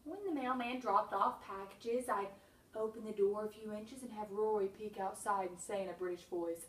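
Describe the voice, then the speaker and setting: A woman reading her own humorous memoir with wry, deadpan comic timing and sudden bursts. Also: mid-range voice, normal speed, roomy sound, far from the mic, low-quality recording.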